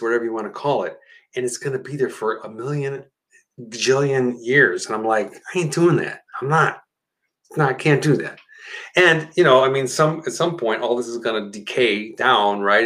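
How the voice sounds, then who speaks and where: A man's voice: medium pitch, fairly bright tone, poor audio. Male stream host, loose and rambling, addresses the audience directly. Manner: rambling, chatty, talks to viewers by name. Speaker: live-stream host and seminar leader. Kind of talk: casual live-stream chat.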